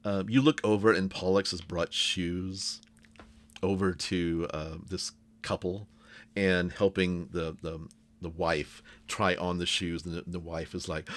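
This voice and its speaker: A man running a tabletop game, talking in a halting, playful way with plenty of fillers. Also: deep voice, steady tone, a bit bright. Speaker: game master. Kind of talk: tabletop game narration and role-play.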